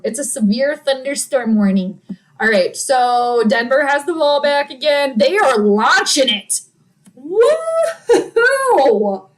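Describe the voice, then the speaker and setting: A woman's voice: on the high side, rough recording. A woman hosting a casual live stream, calling a football game with playful, chatty commentary and reading her viewers' messages aloud.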